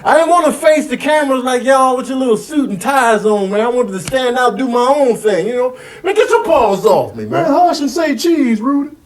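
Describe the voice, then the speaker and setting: A man doing a high cocky streetwise animal. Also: expressive, brisk, hardly any pauses, a little hiss or hum, poor audio. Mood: exasperated. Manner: high-pitched, loud, slangy banter. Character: swaggering streetwise male animals in a pack. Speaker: comedian voicing animals. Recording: clip with loud audience laughter.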